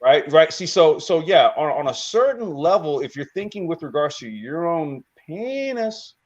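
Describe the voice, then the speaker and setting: Male panel guest, lively swooping delivery, dull lo-fi sound, swears a lot. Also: fairly high pitch, normal speed. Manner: animated, profane, repeats himself. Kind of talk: casual panel chat. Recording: lo-fi remote audio.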